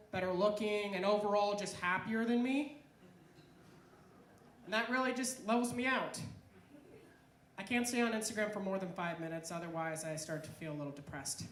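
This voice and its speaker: A comedian doing an animated stand-up set at an open mic, acting out voices as she goes. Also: medium pitch. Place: club stage at open mic. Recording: echoey club room, faint noise.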